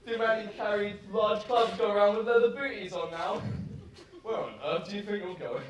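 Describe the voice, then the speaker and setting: A man's voice: high voice, normal speed, slight background noise, natural voice. A young man acting the hero Heracles on stage, a brawny male hero who mocks and teases. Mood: mocking. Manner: mocking, giggly. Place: theatre stage. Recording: echoey hall, far from the mic.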